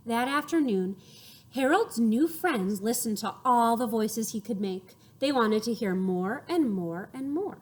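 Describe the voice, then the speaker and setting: Slow, expressive woman reading to children. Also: fairly high pitch. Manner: expressive, acts out sound effects and invites children to repeat. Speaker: storyteller for children. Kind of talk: interactive picture-book read-aloud.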